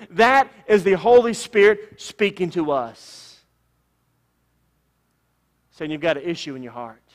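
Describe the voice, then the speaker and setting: A man preaches a sermon with a high voice that rings through the long reverb of a church sanctuary. He stresses his points through repetition and stretches out key phrases. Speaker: pastor.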